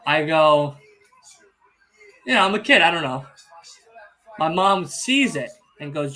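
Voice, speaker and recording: A young man hosting a casual wrestling podcast watch-along, telling stories excitably, swearing freely and teasing the chat. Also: a little high, slow, long pauses. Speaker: podcast host.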